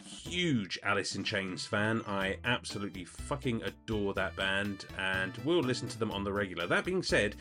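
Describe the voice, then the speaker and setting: A man's voice: fairly low pitch, expressive, moderate pace, hardly any pauses, sharp tone, soft background music. A British man hosting a podcast, casually answering listener questions in a rambling, self-correcting way. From United Kingdom. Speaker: podcast host.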